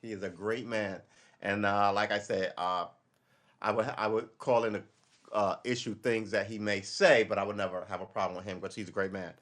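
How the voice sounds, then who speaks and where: A man's voice: fairly low pitch, steady tone, normal speed, fairly bright tone. A man from Brooklyn, hosting a casual political livestream. He talks in a loose, rambling, profane way. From Brooklyn, New York. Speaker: livestream host.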